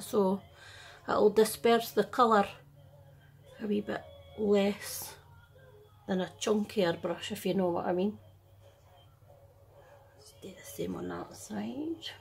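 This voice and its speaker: She's a middle-aged Scottish makeup artist filming a tutorial at home, chatting casually in a hushed, half-whispered way and making light of herself. Her medium-pitched voice has vocal fry and sounds slightly rough.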